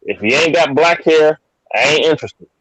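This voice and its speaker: A man co-hosting a podcast in casual chat, relaxed and talking in repeated short phrases. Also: a little high, moderate pace, dry recording, poor audio. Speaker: podcast co-host.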